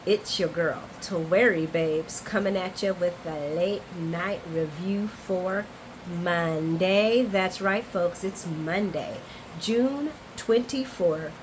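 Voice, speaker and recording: A woman's voice: on the low side, slow pace, background noise. A woman hosting a casual soap opera recap, chatty and playful, talking straight to her viewers. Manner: chatty, animated, playful asides, addresses viewers as y'all. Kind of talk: casual chat to camera.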